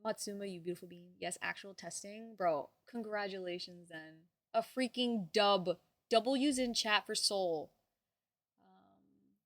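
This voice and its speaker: A young woman streamer chatting casually with her viewers, bubbly and quick to swear. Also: medium pitch, fairly bright tone, no room sound.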